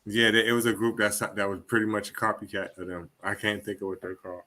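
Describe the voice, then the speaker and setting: A man co-hosting a podcast, chatting casually with relaxed, laid-back interjections. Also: fairly low pitch, fast talker. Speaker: podcast co-host. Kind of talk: casual chat.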